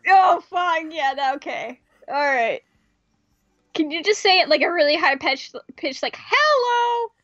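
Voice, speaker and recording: A woman reading a visual novel aloud and chatting, animated and joking, swearing often. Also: sits high, a little slow, no echo. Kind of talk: casual let's play chat and reading. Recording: dry, slightly muffled mic.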